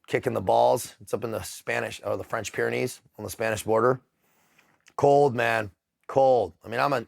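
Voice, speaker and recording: Gravelly-voiced man, blunt and profane. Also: on the low side. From United States. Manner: profane, blunt, halting restarts. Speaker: interview guest. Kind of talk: casual storytelling.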